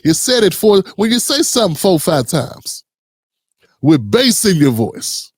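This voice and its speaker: A man's voice: high voice, sing-song, unhurried, dry recording, studio quality. A man hosting a reaction commentary show, blunt and sarcastic, talking straight to his viewers. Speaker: commentary host.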